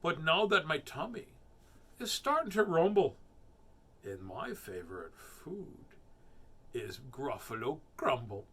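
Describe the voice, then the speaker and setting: A man squeaking as a boastful little mouse. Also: takes it slowly, breathy edge, exaggerated voice. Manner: excited, squeaky, bragging. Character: small clever boastful mouse.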